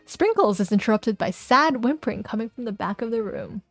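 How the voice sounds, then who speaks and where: A woman's voice: a little high, animated, a little fast, hardly any pauses, dry recording, soft background music. A young woman streaming a game, chatting playfully and reading its text aloud, giggling often.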